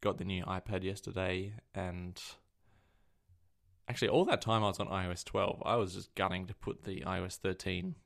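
At a normal speed, a man with a low, fairly bright voice, steady tone, and vocal fry co-hosts a casual tech podcast. His storytelling rambles, and he corrects himself as he goes.

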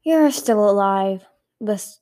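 A woman voicing a cool, calm, cunning female dragon in a breathy whisper, as whispered role-play in a storybook reading. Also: on the high side, takes it slowly, heavily acted. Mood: cold.

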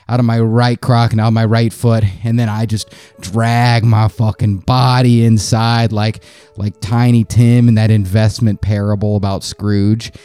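A man's voice: medium pitch, clear, resonant tone, no echo. Profane, self-mocking male stand-up comic. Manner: profane, exasperated, self-mocking, yelling in reenactments. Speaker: stand-up comedian. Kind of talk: stand-up storytelling.

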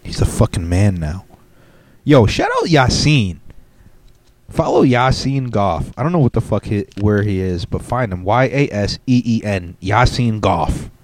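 A man's voice: lowish voice, very animated, a little slow. A young man hosting a solo podcast, ranting bluntly with heavy swearing. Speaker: podcast host.

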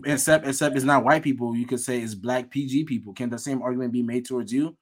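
A man moderating a rowdy group discussion. He calls for order and puts pointed questions to the speakers. His voice sits at a middle pitch. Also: fairly even intonation, fast. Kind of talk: moderating a heated group debate.

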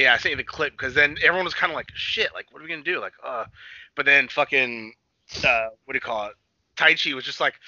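A young man chatting on a podcast, excitable and swearing a lot, acting out scenes with sudden shouts. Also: on the high side, dry recording, highs cut off. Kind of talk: excited casual chat.

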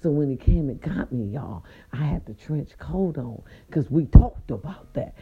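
A woman telling viewers a story in a casual, animated and profane way, speaking straight to them. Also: sits low, moderate pace, gravelly, husky, phone-quality sound.

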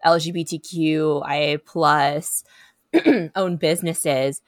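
A woman's voice: low voice, steady tone, slow pace, dry recording, clean studio sound. A woman co-hosting a casual podcast chat, earnest and rambling, often laughing between thoughts. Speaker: podcast co-host.

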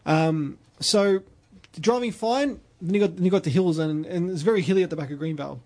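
A man's voice: fairly high pitch, fast talker, darkish tone. An Australian man hosting a podcast, telling long rambling stories in casual chat with lots of restarts. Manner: rambling storyteller with many restarts. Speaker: podcast host.

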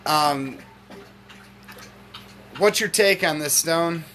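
Animated podcast host, bright voice. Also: male voice, on the high side, very slow, a little hiss or hum. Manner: animated, swearing, quoting clips. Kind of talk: casual chat.

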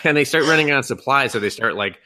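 A young man co-hosting a casual anime podcast retells a film in an animated way, full of swearing, laughter and mocking quoted voices. His voice is mid-range and fast.

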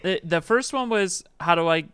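A man's voice: high voice, lively intonation, normal speed, a bit bright, clear, resonant tone, dry recording. A man co-hosting a podcast, explaining in a dry, wry way. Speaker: podcast co-host. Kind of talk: casual chat.

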